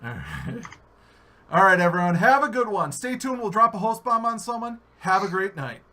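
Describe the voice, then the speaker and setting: An American man hosting a live-stream podcast, animated and jokey, swearing freely. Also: sits high, moderate pace. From United States. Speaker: podcast host. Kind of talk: casual live-stream chat.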